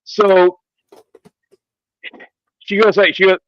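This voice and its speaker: A man's voice: sits high, level tone, very slow, dry recording, lo-fi sound. A man co-hosting a casual chat, telling a profane story. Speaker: co-host.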